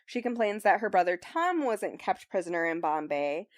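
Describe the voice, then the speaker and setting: A young woman hosts a book club, summarizing a novel in casual, chatty fashion full of ums and likes. Her voice is on the low side and very animated, at a moderate pace. The sound is clean studio audio with no echo.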